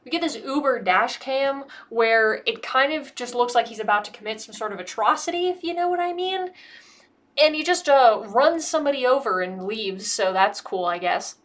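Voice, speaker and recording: A woman's voice: fairly high pitch, normal speed, a bit bright. An American woman giving a casual comedic movie review, sarcastic and profane, rambling and a bit tipsy. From United States.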